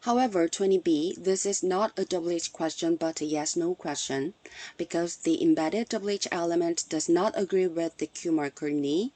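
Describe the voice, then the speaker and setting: A woman delivers a prepared academic talk at a conference. Her voice sits fairly low and sounds soft and mellow, and she reads in a measured, explanatory way. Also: no echo. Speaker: conference presenter. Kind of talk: scripted academic presentation.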